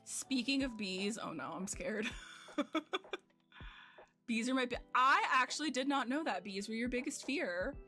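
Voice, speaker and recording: A young woman streamer chats casually from home, her voice bright and clear over faint background music. She rambles and pokes fun at herself, with plenty of fillers. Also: high voice, unhurried. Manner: rambling, self-deprecating, lots of fillers. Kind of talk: casual chat with chat while gaming.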